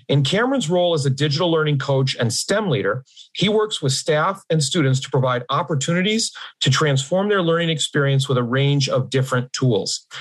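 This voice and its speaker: A man hosting an education podcast, friendly and a little formal, quick to laugh. His voice sits a touch high for a man. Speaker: podcast host. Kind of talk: interview hosting.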